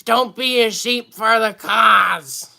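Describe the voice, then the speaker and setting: Bright, goofy puppet sidekick, cranky and blurting, voiced by a woman. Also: fairly high pitch, slow, vocal fry, full character voice. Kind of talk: puppet comedy show.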